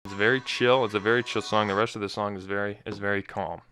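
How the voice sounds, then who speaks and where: A man's voice: lowish voice, steady tone, fast, pushed and bright, slight background noise. A young man hosting his own podcast in casual solo chat, rambling and often restarting his sentences. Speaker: podcast host.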